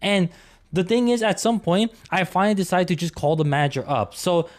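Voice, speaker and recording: A man's voice: high voice, brisk. A young man telling a story from his retail job in an exasperated, ranting way. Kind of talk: storytime commentary.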